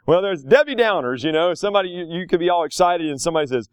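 Pastor guy preaching, folksy storyteller, highish voice, dead dry sound. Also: fast, clean tone, no echo. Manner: folksy, animated storytelling with acted asides. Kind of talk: sermon.

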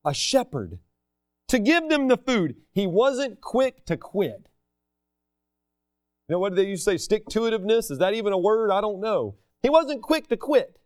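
A man's voice: high-pitched, normal speed, dry recording, studio quality. A man preaching a sermon, talking casually and acting out the people he quotes. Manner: animated, acts out the people he quotes.

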